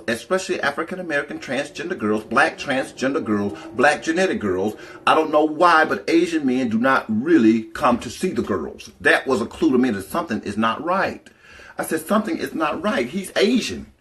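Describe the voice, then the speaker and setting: A woman telling a personal story in a casual vlog, animated and profane, talking straight to her viewers. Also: deep voice.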